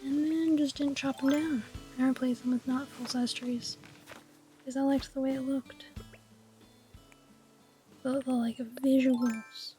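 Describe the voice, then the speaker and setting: Raspy, high whispering woman streamer. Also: fairly even intonation, a little slow, pauses often, soft background music. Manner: whispering softly; playful mock-grand musing. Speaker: game streamer. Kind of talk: casual gameplay chat.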